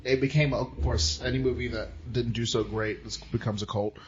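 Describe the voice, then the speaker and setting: A man's voice: medium pitch, steady tone, normal speed. Male podcast host, playful, self-deprecating, muffled lo-fi sound. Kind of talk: casual movie discussion. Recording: dull lo-fi mic with faint hiss.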